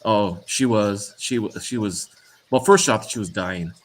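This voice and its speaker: A middle-aged man in casual chat, telling a story haltingly with many restarts and "uh"s. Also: lowish voice. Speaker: co-host.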